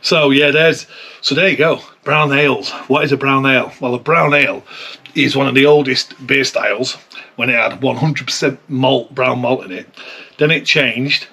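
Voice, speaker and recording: A man talks through a beer tasting in a relaxed, chatty way, musing aloud as he goes. His voice has a husky, slightly rough edge at a middling pitch. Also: moderate pace. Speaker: beer reviewer. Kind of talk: casual tasting review.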